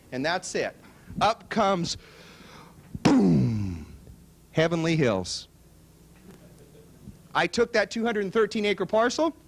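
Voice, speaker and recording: A male seminar speaker telling a story to a live audience in an animated, excitable way, laughing at his own tale. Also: high-pitched.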